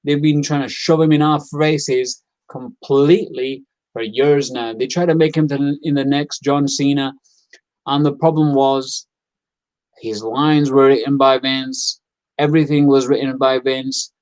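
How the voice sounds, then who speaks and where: A man's voice: mid-range voice, steady tone, unhurried, darkish tone, dry recording, low-quality recording. A man giving a casual, opinionated wrestling review, rambling with fillers and repeats. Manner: acts out quoted lines in character.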